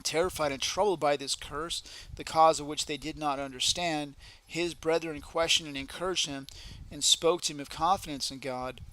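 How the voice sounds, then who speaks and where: Guy reading a devotional text, solemn and deliberate, bright slightly high voice. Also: fairly even intonation, rough recording. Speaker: reader.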